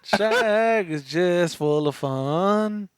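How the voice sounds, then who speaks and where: A man's voice: sits high, lively intonation, extremely slow, smooth, no echo, clean studio sound. A man co-hosting a podcast, casually chiming in and filling in plot points of a movie. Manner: laid-back, chiming in and finishing plot points. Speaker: podcast co-host. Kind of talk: casual movie recap chat.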